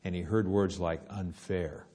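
A man preaching a sermon, telling a story with lively rises and hushed drops. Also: low-pitched, a little slow.

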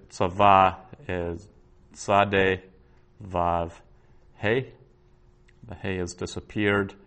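A man teaching a Biblical Hebrew class, reading verses aloud slowly and then patiently explaining the grammar. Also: deep voice, a bit bright. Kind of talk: slow explanatory lesson.

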